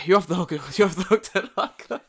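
A man's voice: sits high, normal speed, a bit bright, a little hiss or hum. A young man hosting a casual chat, joking and swearing often with frequent laughter. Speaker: podcast host.

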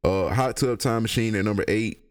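A young man, high and rambling through a casual, profane solo podcast rant. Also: normal speed, clean tone. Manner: rambling, profane, laughs a lot. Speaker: podcast host.

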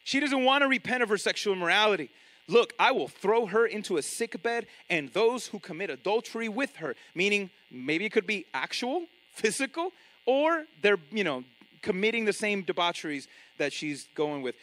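A man preaching a sermon in an animated way, often acting out the voices of other people. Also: sits high, moderate pace, rough recording. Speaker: pastor.

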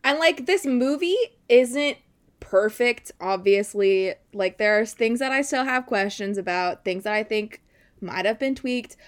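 A woman's voice: fairly high pitch, expressive, unhurried. A young woman co-hosting a casual film chat, giggly and rambling.

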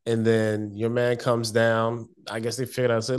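A man with a mid-pitched voice walks through an episode in easygoing, slangy chat. He talks as a co-host on a review show. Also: normal speed, smooth. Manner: relaxed, slangy, chiming in. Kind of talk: casual recap chat.

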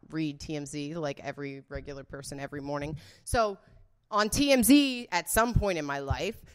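Woman guest, slightly low-pitched, loose and blunt, rambles and swears as she guesses. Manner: blunt, rambling, swears freely, laughs often. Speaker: guest guessing celebrity scandals. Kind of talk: casual unscripted chat.

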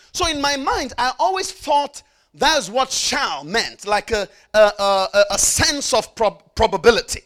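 His voice is very high and a bit bright, with lively intonation, as he delivers an emphatic sermon. He repeats key lines and uses call-and-response, asking the congregation to say them back. He slows down on stressed phrases and races through asides.

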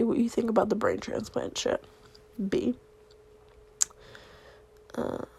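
A woman rambling softly through a late-night whispered voice message, swearing casually as she goes. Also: fairly high pitch, vocal fry, breathy edge.

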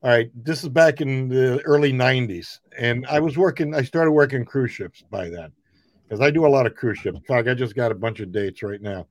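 A middle-aged man, a comedian guest, telling rambling, animated anecdotes. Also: medium pitch, brisk, no room sound. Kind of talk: casual storytelling.

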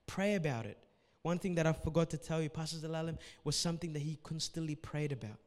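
A man's voice: on the high side, fast talker, darkish tone, long reverb tail. A man preaching as pastor at a church service, giving earnest, repetitive exhortations and closing with a prayer.

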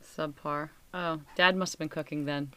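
A woman's voice: deep voice, fairly even intonation, normal speed, fairly bright tone, smooth. A woman interviewing her son casually, prodding and teasing with questions. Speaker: interviewer, parent.

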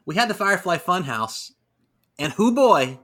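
A man chatting casually, retelling events in an excitable, animated way. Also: high voice, moderate pace. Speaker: podcast co-host. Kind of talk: casual recap chat.

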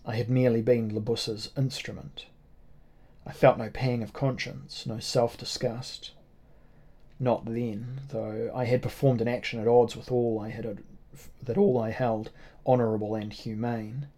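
A man narrates a novel in a steady, measured reading. His voice is mellow and dark, and it stays on a narrow, level line of pitch. The delivery is sombre and unhurried. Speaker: audiobook narrator. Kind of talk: scripted first-person narration.

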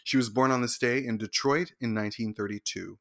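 A man co-hosting a show, reading celebrity birthday notes in a crisp, informative way with wry asides. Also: medium pitch, steady tone, a little fast, no room sound, clean studio sound. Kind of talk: scripted entertainment segment with banter.

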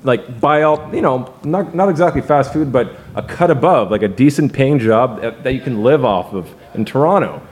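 Animated, teasing podcast co-host, man. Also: mid-range voice, normal speed, hardly any pauses. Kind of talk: casual chat.

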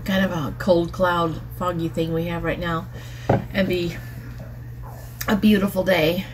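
A woman in her fifties co-hosting a casual Bible study podcast, chatty and quick to laugh. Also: lowish voice, level tone, background noise. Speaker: podcast co-host. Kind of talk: casual chat.

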